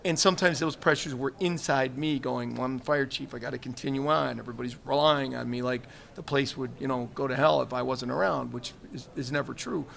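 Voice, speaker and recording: A retired fire chief tells earnest, reflective personal stories in a live interview on a trade show livestream set, often quoting other people along the way. His medium-pitched voice is gravelly and fairly bright, with fairly even intonation, a slightly fast pace and few pauses. A little hiss or hum is audible.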